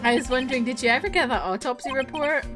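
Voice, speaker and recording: A woman's voice: high-pitched, fast, over music, lightly acted. A woman voicing a young, earnest male defense lawyer, reading game dialogue aloud in a polite, slightly hesitant way. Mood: curious.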